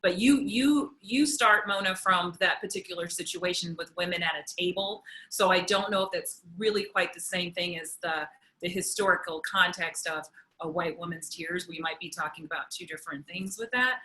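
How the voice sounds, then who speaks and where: Woman on a panel, lowish voice, kinda bright and punchy, thinking out loud. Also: normal speed, poor audio. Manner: thinks aloud, acts out quoted voices. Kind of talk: roundtable discussion.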